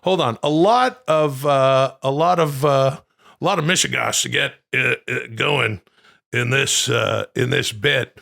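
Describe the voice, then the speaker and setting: A man's voice: mid-range voice, measured pace, gravelly, pushed and bright. A man co-hosting a podcast in casual chat, rambling and swearing with many restarts. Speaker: podcast co-host.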